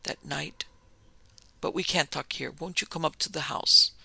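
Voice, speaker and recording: A man reading aloud, voicing a nervous male planter who speaks quietly and hesitantly. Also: a little high, fairly even intonation, normal speed, vocal fry, slightly rough, dry recording, exaggerated voice.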